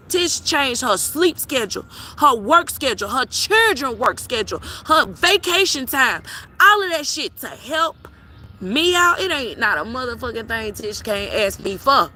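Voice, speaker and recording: A woman's voice: high-pitched, normal speed. A woman tarot reader, talking bluntly and profanely in a casual vlog rant, recorded outdoors in a cemetery. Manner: blunt, profane, animated storytelling.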